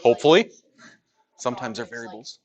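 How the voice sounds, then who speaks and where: A man's voice: mid-range voice, brisk, muffled recording, crowd noise. A male math teacher teaching a class in a classroom, joking with students and asking rhetorical questions.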